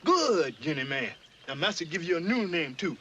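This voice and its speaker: A man's voice: a little high, very animated, moderate pace, a bit bright, a little hiss or hum. An actor playing an older enslaved man who bossily drills a newcomer, in a heavy Southern dialect drawl. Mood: coaxing. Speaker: actor in a film scene.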